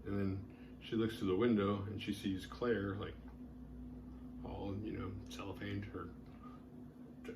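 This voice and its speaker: A man with a fairly low voice recaps a horror film as a show host. He rambles casually and leans on filler words. A faint room hum sits behind him. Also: flat delivery, measured pace, pauses often. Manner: rambling, heavy use of "like" fillers. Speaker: horror movie review host.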